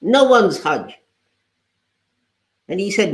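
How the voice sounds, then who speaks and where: A man preaching a sermon with a slightly high voice. He tells his lesson as a story and quotes the people in it. The sound is roomy and echoey. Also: measured pace, darkish tone. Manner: retells a parable, quoting its people. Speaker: preacher giving the Friday sermon.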